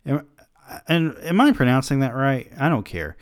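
A man's voice: mid-range voice, very animated, moderate pace, no room sound, studio quality. A man reading a story aloud who keeps breaking off to mock himself in sardonic comic asides. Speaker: reader of a story.

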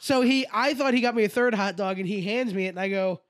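Young man, high voice, dry close sound, rambling crude storyteller, casual podcast chat. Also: fast, no echo. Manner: crude, rambling anecdote teller, acts out quotes. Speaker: podcast co-host.

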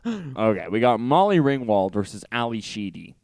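A man's voice: medium pitch, sing-song, normal speed, darkish tone, slight background noise. A man co-hosting a podcast, setting up each matchup and agreeing along with dry jokes. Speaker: podcast co-host. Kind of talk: casual chat.

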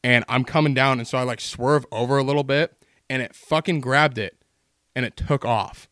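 A man's voice: mid-range voice, normal speed, dry recording, studio quality. Profane, rambling man telling hunting stories. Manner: swears constantly, rambling animated anecdotes. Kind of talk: casual podcast storytelling.

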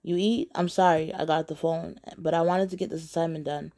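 A woman voicing her young boyfriend, a defensive and dismissive young man, with a flat, offhand, slightly lowered voice. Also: a little fast. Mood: coaxing.

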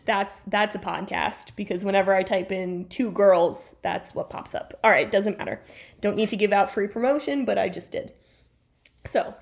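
A woman talks casually as a podcast co-host, walking through a show's characters. She is chatty and playful, often stopping to correct herself and toss in asides. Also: mid-range voice.

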